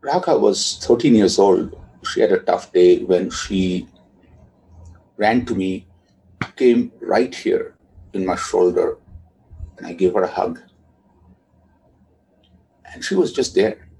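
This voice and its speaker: Gravelly, dark-voiced reflective father. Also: low-pitched, slow pace, pauses often, poor audio. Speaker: father telling a family story. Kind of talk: personal storytelling.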